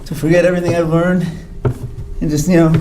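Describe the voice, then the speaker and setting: A man's voice: on the high side, level tone, fast talker, dark tone, echoey room, slight background noise, poor audio. A man giving a hospital grand rounds talk, telling his own story candidly and wryly, acting out the people he quotes. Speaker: physician speaker. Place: hospital lecture hall.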